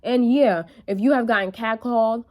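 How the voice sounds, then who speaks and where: A woman's voice: fairly high pitch, normal speed, darkish tone. A young woman vlogging to camera in a casual monologue, blunt and full of swearing, calling her viewers y'all.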